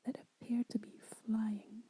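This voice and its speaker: A woman whispering a children's story aloud as an ASMR storyteller, soft and unhurried. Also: on the high side, flat delivery, breathy edge, low-quality recording.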